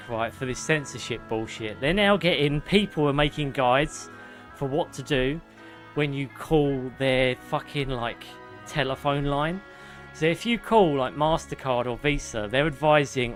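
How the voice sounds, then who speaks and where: A young man streaming a game, swearing freely as he rants and chats with viewers. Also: medium pitch. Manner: profane, ranting, chatting with viewers. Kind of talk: live gameplay commentary.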